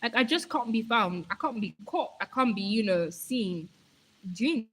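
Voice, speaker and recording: A talkative young Nigerian woman on a live stream has a bright, high voice that swings lively up and down. She rambles in a hyper, casual way at an unhurried pace, reading viewer comments aloud. The recording is slightly rough and low-quality.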